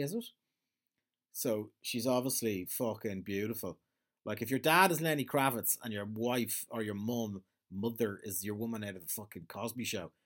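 A man with an Irish accent in a casual, rambling monologue, swearing freely and trailing off as he hunts for words. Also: on the low side. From Ireland.

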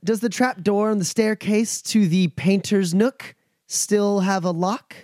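A man's voice: high-pitched, steady tone, a little slow, a little mellow, no echo, clean studio sound, voice pushed up. A man voicing a composed young noblewoman who gives formal, clipped orders. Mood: cold.

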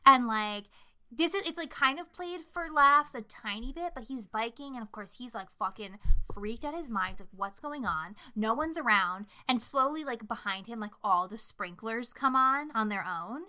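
A young woman co-hosting a casual horror movie podcast, swearing freely and telling scenes with lively, shouted impressions. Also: fairly high pitch, moderate pace, smooth. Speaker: podcast co-host.

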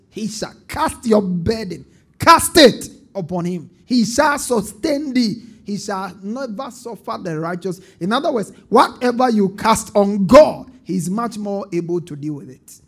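High-voiced preaching man, call and response. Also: expressive, normal speed, fairly bright tone. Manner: call-and-response preaching with rising emphatic bursts. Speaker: pastor. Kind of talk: sermon.

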